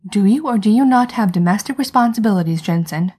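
A woman's voice: medium pitch, expressive, fast talker, warm tone, slightly rough. A woman reading a fussy, doting mother who nags her grown son. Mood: nagging. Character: doting, nagging middle-aged mother. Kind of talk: fan fiction read aloud.

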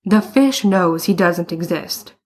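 A woman voicing an anxious, flustered young man in a story, with a rushed, pleading way of talking. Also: lowish voice, lively intonation, slightly rough, exaggerated voice. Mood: exasperated.

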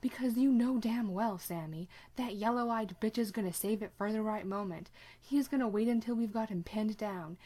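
A woman reads a hard-edged young demon hunter, an older brother who presses without letting up. His voice sits low and talks bluntly, with the force of someone used to giving orders in an audiobook story. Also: normal speed, a little mellow, close to an everyday voice. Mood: heated. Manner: blunt, pressing, raised intensity.

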